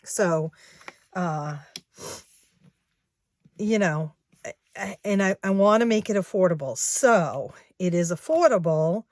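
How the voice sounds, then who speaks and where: A woman's voice: fairly low pitch, lively intonation, slow pace, pauses often, a little mellow, no room sound, clean studio sound. A woman in her sixties, a craft shop owner chatting casually to her viewers, rambling and often going back to correct herself. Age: 60s.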